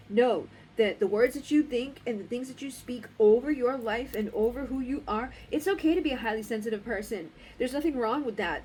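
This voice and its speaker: A woman's voice: a little high, a little mellow, slight background noise. A woman giving a casual oracle card reading, talking in a blunt, rambling way and swearing freely. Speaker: spiritual card reader.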